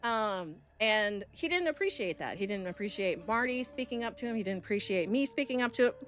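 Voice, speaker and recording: A woman's voice: mid-range voice, expressive, fairly quick, fairly bright tone, faint music behind. A woman streamer telling a story to her chat in a blunt, profane, heated way.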